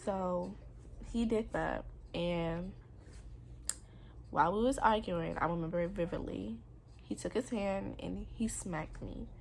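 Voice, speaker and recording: A woman's voice: fairly low pitch, a little slow, vocal fry, slight background noise. A young adult woman telling her own story in a personal vlog, candid and earnest, with casual slang. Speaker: vlogger.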